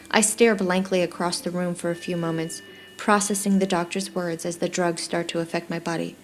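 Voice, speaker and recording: A woman's voice: fairly low pitch, level tone, a little fast, soft background music. Woman reading her novel aloud. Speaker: author and narrator. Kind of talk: audiobook narration.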